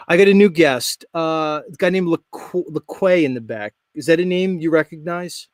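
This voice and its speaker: A man's voice: fairly high pitch, a little slow, no echo, studio quality. A man hosting a live stream show, talking in a brash, joking, rambling way. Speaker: host. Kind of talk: casual live stream chat.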